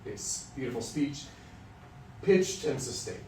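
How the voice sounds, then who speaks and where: A man's voice: medium pitch, expressive, takes it slowly, darkish tone, a little hiss or hum. Joking, candid male voice teacher lecturing. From Western Kansas. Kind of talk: lecture to music students. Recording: roomy sound from a distant mic.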